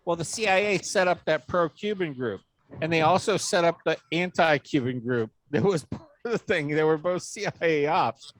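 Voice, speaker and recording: A man co-hosting a casual podcast, swearing freely and jumping high for quoted voices. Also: moderate pace, dry recording. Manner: animated, swearing, jumps pitch for quoted voices. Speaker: podcast co-host.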